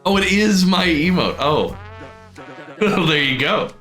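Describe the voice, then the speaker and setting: Man, casual streamer chat, laughs a lot, animated pitch, bright tone. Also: slow pace, roomy sound, faint music behind. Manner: chatty, laughs often, riffs on the game. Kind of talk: casual live-stream chat while playing.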